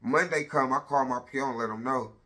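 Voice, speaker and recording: A man's voice: medium pitch, a little fast, sharp tone. A man in his thirties telling a personal story on a casual vlog, blunt and profane, retelling it with lots of energy.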